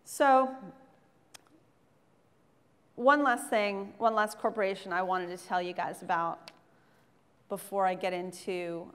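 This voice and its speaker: A middle-aged woman, a chef giving a frank, joking guest lecture to students in a large hall. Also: lowish voice. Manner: joking, frank, self-mocking asides. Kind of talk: candid motivational talk to students. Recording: long hall reverb.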